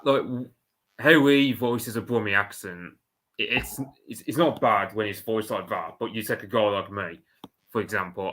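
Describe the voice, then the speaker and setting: A man's voice: lowish voice, pushed and bright. A man with a strong Birmingham accent, a guest in a casual chat, talking hesitantly with many restarts.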